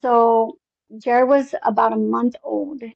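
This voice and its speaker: A woman's voice: fairly high pitch, fairly even intonation, slow pace, creaky, dry recording, dull audio. A woman telling a long personal story in an interview, rambling with many fillers and acting out bits of dialogue. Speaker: interview guest.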